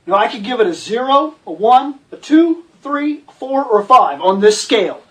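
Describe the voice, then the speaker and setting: A man's voice: extremely high pitch, big pitch swings, normal speed, distant mic. A man hosting a ranting movie review, profane, sarcastic and exasperated. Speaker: host.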